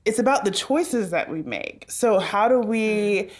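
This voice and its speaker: A woman's voice: mid-range voice, animated, measured pace, a little mellow. Thoughtful woman co-host in conversation. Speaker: podcast co-host. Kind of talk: conversational discussion.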